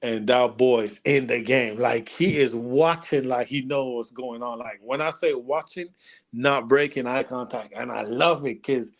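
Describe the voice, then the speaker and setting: A young man co-hosting a sports talk show, talking in a relaxed, casual way and laughing often. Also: medium pitch, unhurried. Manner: laid-back, laughs often. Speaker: podcast co-host.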